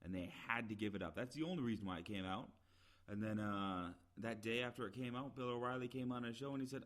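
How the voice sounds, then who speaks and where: A man's voice: medium pitch, fast talker, fairly bright tone. A man giving a rambling, opinionated solo commentary, with many "uh" fillers and emphatic, exasperated repetition. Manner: rambling, frequent "uh" fillers and restarts. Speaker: podcast commentator.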